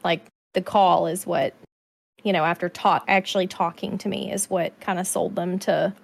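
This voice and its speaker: A woman's voice: lowish voice, moderate pace, gravelly. Casual podcast co-host, woman, thick Southern accent, talkative, laughs easily. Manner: chatty and laughing, animated when excited. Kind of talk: casual chat.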